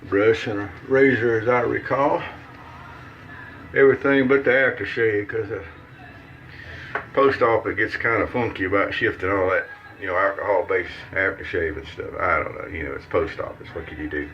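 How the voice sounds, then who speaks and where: A shaving vlogger with a Mississippi Southern accent rambles and jokes folksily as he demonstrates a shave. He talks at a normal speed in a voice on the low side. The audio is dull and carries a little hiss or hum.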